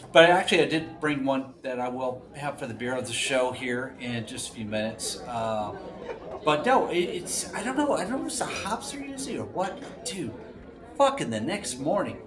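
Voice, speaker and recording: A man co-hosting a podcast, joking loudly and swearing freely in casual chat. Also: medium pitch, big pitch swings, normal speed, a crowd in the background. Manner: loud, joking and profane. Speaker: podcast co-host.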